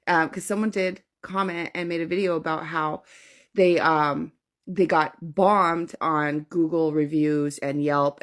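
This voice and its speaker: A woman talks straight to camera in a loose, heated rant. She swears freely, circles back to her points and keeps checking in with "okay?". Her voice sits in a middle pitch. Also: fairly bright tone. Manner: blunt, profane, repeats points with "okay?". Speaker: social media commentator.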